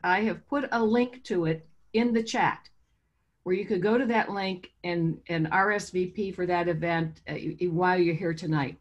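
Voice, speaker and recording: A woman who owns a bookstore, hosting and introducing poets at a reading held over video call, in a chatty, informal manner. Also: mid-range voice. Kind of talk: introducing a virtual poetry reading.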